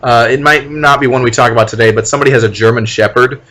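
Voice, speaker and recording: A man co-hosting a podcast, chatting casually. He stops and starts a lot with ums and restarts, then gives his opinions bluntly. His voice sits at an ordinary pitch for a man. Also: steady tone, fast talker, sharp tone. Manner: hesitant, many ums, blunt and critical. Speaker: podcast co-host. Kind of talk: casual chat.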